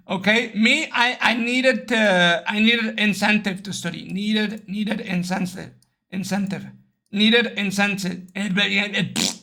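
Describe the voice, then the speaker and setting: A young man streaming, chatting casually and telling animated stories with lots of swearing, raising his voice to act out other people. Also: sits high, unhurried. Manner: animated storytelling, acts out others in raised voice, swears often. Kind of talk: casual livestream chat.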